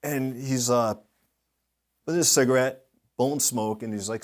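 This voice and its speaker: A middle-aged man speaking as a guest in an interview, telling lively anecdotes and acting out the voices of people he quotes. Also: medium pitch, a little slow. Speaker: guest speaker, industry consultant. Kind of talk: storytelling in a podcast interview.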